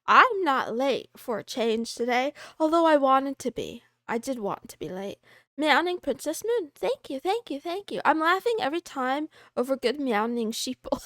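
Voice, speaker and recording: A woman's voice: sits high, big pitch swings, moderate pace, a bit bright, no room sound, clean studio sound. A woman livestreaming as a VTuber, chatting casually and playfully, greeting viewers one by one with wry, self-mocking asides. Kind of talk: casual livestream chat reading viewer messages.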